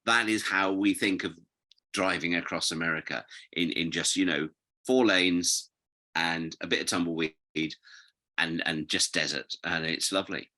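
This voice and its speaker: Rambling British man, bright voice. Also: deep voice, normal speed. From Britain. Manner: rambling, animated storyteller, goes off on tangents. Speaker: guest. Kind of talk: casual interview chat.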